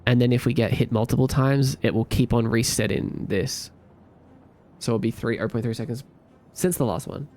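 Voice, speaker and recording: A man's voice: medium pitch, moderate pace. A man live-streaming while he codes a game, chatting casually with viewers, sleepy, rambling and thinking aloud. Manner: relaxed, rambling, thinks aloud, hums to himself.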